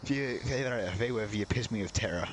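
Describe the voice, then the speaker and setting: A man's voice: on the low side, moderate pace, slight background noise, low-quality recording. A man reading a visual novel's narration aloud during a let's play, breaking off into wry, casual comments. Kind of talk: reading game text aloud with casual asides.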